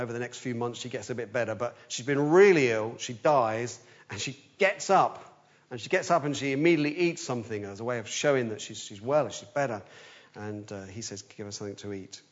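A man delivers a sermon as lively storytelling, swinging between urgent rises and quiet, hushed passages. His pitch sits in a plain middle range. The recording sounds dull and slightly lo-fi. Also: a little fast. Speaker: preacher.

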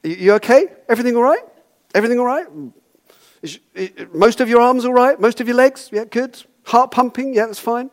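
A man's voice: very high voice, brisk, pitched above the performer's own voice. A man voicing a breezy male doctor who brushes off an obvious injury with cheerful small talk. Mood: chirpy, dismissive. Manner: chirpy, brushing off.

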